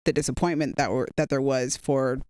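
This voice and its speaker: A man's voice: mid-range voice, steady tone, a little fast, darkish tone, smooth, no room sound, studio quality. A man co-hosting a movie review podcast, chatting casually and enthusiastically, rambling with fillers. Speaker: podcast co-host.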